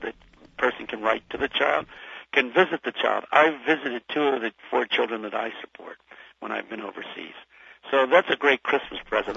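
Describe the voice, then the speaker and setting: A man speaking as a guest on a radio show by phone, telling stories and preaching with lively emphasis. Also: mid-range voice, gravelly, breathy edge, dry recording. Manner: lively, emphatic, laughs at his own jokes. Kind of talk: animated storytelling and preaching. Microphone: phone line. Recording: muffled phone-line audio.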